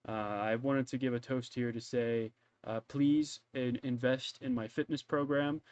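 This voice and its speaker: A pushy fitness salesman pitches his program at a toast in a tabletop game, played by a man. He sounds brash and salesy at an ordinary pitch. The recording is dry. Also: fairly even intonation, unhurried, a little mellow, dry recording, lo-fi sound, natural voice.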